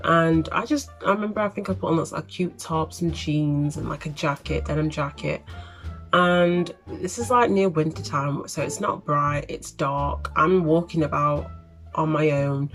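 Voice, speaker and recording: Chatty woman telling a story. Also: deep voice. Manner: chatty, exasperated retelling. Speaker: vlogger. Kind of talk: storytime vlog.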